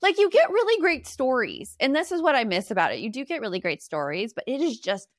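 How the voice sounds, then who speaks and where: A middle-aged woman tells family stories on a podcast in a lively, swooping voice, acting out quotes as she goes. Her pitch sits a little high, and the sound is close and dry. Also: a little fast, no room sound. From Arizona, US. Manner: animated storyteller, acts out quotes. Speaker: podcast co-host. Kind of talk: casual chat.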